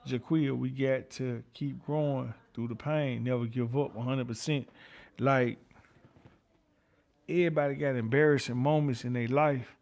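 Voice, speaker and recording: A middle-aged man with a Memphis Southern accent, hosting a livestream, chatting loosely, reading out viewer comments and repeating himself. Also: medium pitch. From Memphis, Tennessee. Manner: loose, rambling, repeats himself, curses freely. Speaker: livestream host.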